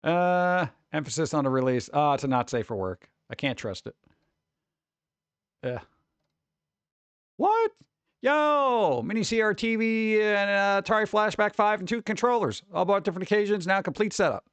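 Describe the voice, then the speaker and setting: New guy streaming, reads chat aloud, quick to exclaim, very expressive pitch. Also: clean tone, dry recording. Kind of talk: casual live-stream chat.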